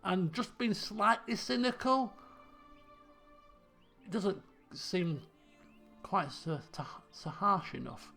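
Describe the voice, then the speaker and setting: A man's voice: high voice, animated, slow pace, vocal fry, long pauses, pushed and bright, soft background music. A man casually commentating his own strategy game playthrough, joking and thinking aloud. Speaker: let's play host.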